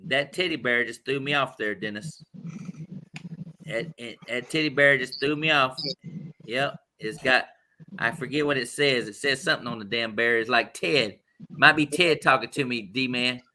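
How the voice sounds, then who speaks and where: A man hosting a casual sports talk stream, swearing freely and talking loudly and animatedly. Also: mid-range voice, normal speed. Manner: loud, profane, animated. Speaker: podcast host.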